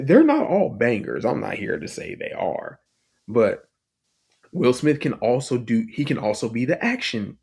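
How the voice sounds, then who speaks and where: A man hosting a podcast in casual chat, talking in an animated, emphatic, argumentative way. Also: mid-range voice, slightly rough. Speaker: podcast host.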